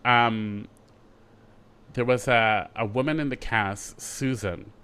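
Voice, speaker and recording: In an interview, a middle-aged Jamaican actor talks in a mid-range voice. His account is lively, and he keeps slipping in quick asides and starting over.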